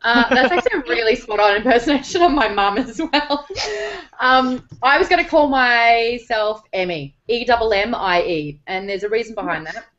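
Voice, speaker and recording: A woman, hosting a talk show, telling stories in a playful, animated way. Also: a little high, moderate pace, dull audio. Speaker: host. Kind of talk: casual chat.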